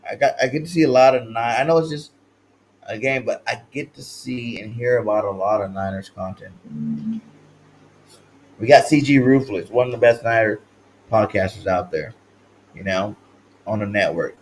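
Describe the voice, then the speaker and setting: A man from California hosting a livestream sports talk show, slangy and hyped, swinging between loud shouted chants and low mumbled asides. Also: moderate pace, pauses often, a little hiss or hum, low-quality recording. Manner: slangy, repeats catchphrases.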